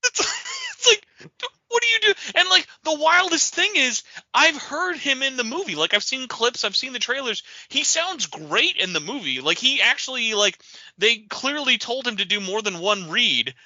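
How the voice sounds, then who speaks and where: A man hosting a gaming podcast in casual chat, animated and quick to laugh. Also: extremely high pitch, no echo. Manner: animated, laughing, imitates others. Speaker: podcast host. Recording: dull lo-fi audio.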